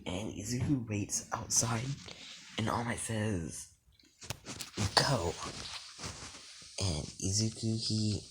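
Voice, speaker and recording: Rambling young man with low voice. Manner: rambling, many fillers and restarts. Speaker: fan storyteller. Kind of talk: improvised fan story while gaming. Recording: noisy home mic with mouse clicks.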